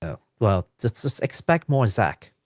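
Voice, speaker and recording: A man co-hosting a gaming podcast, laid-back and quick to laugh in casual chat. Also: lowish voice, sing-song, darkish tone, no echo, clean studio sound. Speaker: podcast co-host.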